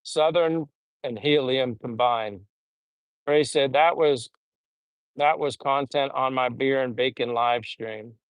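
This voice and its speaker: His voice is medium-pitched, slow and smooth as this middle-aged man meanders through amusing old anecdotes while reading live chat on a relaxed stream at his home in the Philippines. There's no room sound, and the high frequencies are cut off.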